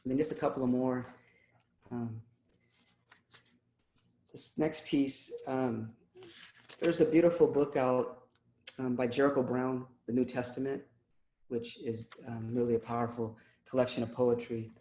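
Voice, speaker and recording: A man reading his own poems at a video-call poetry event, measured and pausing with ums between pieces. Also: medium pitch, steady tone, dark tone. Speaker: poet reading his work. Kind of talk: poetry reading with spoken introductions. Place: home, over video call. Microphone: computer mic on a video call. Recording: echoey video call audio.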